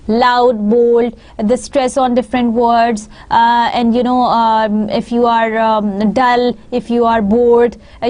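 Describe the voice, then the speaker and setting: A woman's voice: fairly high pitch, a little mellow. A woman with a Pakistani English accent giving a recorded university lecture, explaining patiently and often recapping her points.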